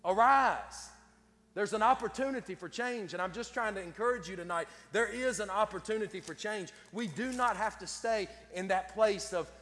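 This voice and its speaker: A man's voice: high-pitched, a bit bright. A man preaching a sermon in a folksy, repetitive way, with stammered restarts and plain country grammar. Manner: folksy, repeats words, Southern-style grammar. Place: church sanctuary. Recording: long reverb in a hall.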